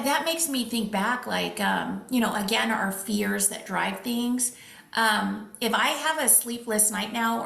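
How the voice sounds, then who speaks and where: A middle-aged woman, a physician and speaker, telling animated stories as a guest in an interview, slipping quoted dialogue into her talk. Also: mid-range voice, vocal fry, a little hiss or hum. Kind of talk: conversational interview storytelling. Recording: echoey room.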